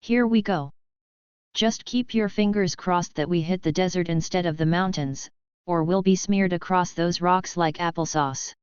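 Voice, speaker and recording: An earnest young space cadet, read by a woman narrator in a science-fiction audiobook. The voice is very clear and rather low, with urgent, determined delivery. The recording is dry and a bit dull. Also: moderate pace, darkish tone, no room sound, lightly acted.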